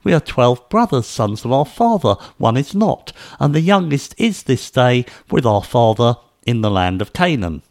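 A man's voice: medium pitch, sing-song, moderate pace, few pauses, darkish tone. A man voicing a group of anxious grown brothers pleading their innocence in an earnest way.

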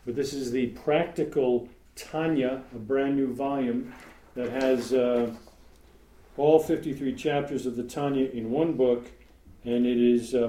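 In a meeting room with his congregation, a teacher delivers a casual sermon peppered with fillers and jokes on the side. His voice is medium-pitched and dark in tone. It's captured by a room mic for the live stream, sounding echoey with a faint hum.

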